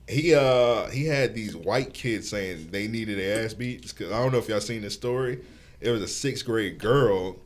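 A man's voice: on the low side, a little hiss or hum. A man hosting a podcast in casual chat, joking, laughing often and reading out listener submissions. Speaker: podcast host.

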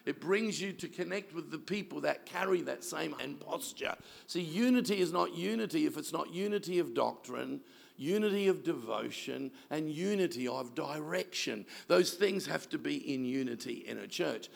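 A man's voice: fairly high pitch, gravelly. A man, a pastor telling stories in a sermon and mimicking the people he quotes. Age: 60s. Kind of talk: sermon storytelling.

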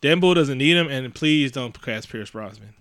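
Man, casual co-host chat, bright tense voice, animated, swearing, dry close sound. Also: normal speed, no room sound. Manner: animated, swearing, jumps into high excited bursts. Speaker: podcast co-host.

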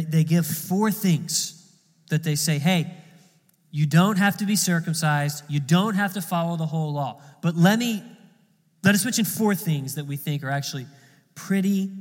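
Man, pastor, conversational sermon, repeats himself, slightly high voice, reverberant hall. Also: darkish tone. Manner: conversational, repeats words, chuckles.

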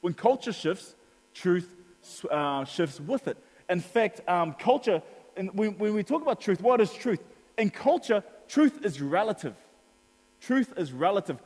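Chatty New pastor in a hall. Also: male voice, sits high, very animated, unhurried, a little mellow. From New Zealand. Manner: chatty storytelling, acts out dialogue, laughs often. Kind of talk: sermon.

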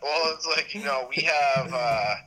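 A man's voice: medium pitch, unhurried, a crowd in the background, low-quality recording. A man in his thirties chatting as a podcast guest, rambling with restarts and fillers. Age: 30s. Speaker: podcast guest, sports media host. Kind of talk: casual interview chat.

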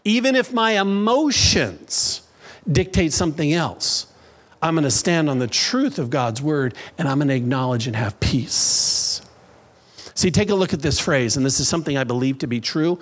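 High-voiced preaching pastor, slow and emphatic. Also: male voice, animated. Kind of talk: sermon. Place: church.

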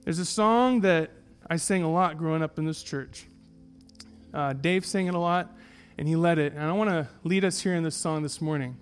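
A man's voice: a little high, normal speed, soft background music. A man preaching a sermon in a church and reading an allegory aloud, earnest and emphatic, repeating his key lines. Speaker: pastor.

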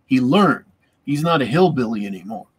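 Husky-voiced man rambling about tabletop games. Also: mid-range voice, lively intonation, normal speed. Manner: rambling, repeats words while thinking. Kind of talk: casual chat about tabletop gaming.

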